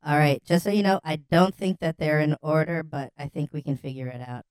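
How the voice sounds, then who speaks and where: Low-voiced woman podcast co-host. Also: steady tone, brisk, a little mellow, clear, resonant tone, dry recording, studio quality. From California. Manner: laughing, joking, reads out messages in a mocking voice. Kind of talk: casual chat.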